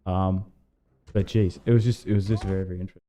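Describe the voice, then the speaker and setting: A man's voice: deep voice, fairly even intonation, fast talker, dark tone, slight background noise. A man chatting casually with his stream while playing a strategy game, rambling with fillers and laughs. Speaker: livestream gamer.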